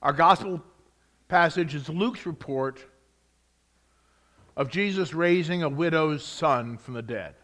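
Dramatic preacher man, loud then hushed. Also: a little high, slow, long pauses. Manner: dramatic shifts between loud emphasis and hushed whispers; reads scripture with rising emphasis on each "and". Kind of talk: sermon.

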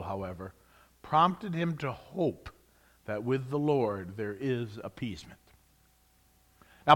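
A man preaching a sermon, swinging between loud emphasis and hushed whispers, reading scripture with rising excitement. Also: mid-range voice.

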